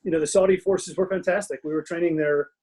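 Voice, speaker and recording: A middle-aged man with a voice a little high for a man, chatting easily as a guest in a casual interview. He tells self-mocking stories and laughs through them, speaking from his home den. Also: steady tone, fast talker, darkish tone, breathy edge, low-quality recording. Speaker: guest author.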